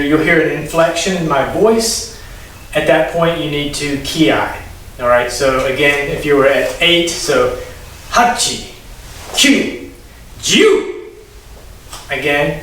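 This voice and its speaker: Karate instructor in an echoey hall. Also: male voice, a bit bright, slight background noise. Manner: instructive, calls Japanese counts rising sharply in pitch. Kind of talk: teaching a class, explaining and calling counts. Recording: very echoey room, distant mic.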